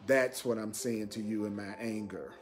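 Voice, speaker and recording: A man's voice: fairly low pitch, fairly even intonation, moderate pace, soft background music. A man teaching spiritual ideas on a live stream, emphatic and repetitive, often breaking into laughter.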